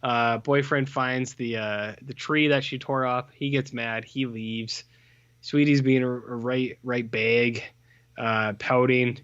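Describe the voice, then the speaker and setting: A man co-hosts a podcast, rambling through a film review with plenty of fillers and jokey put-on voices. His voice is mid-pitched, and the recording is dry and a little muffled. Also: slow, smooth, no echo. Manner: rambling, animated, full of fillers, mocks characters in put-on voices. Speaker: podcast co-host. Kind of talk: casual film review chat.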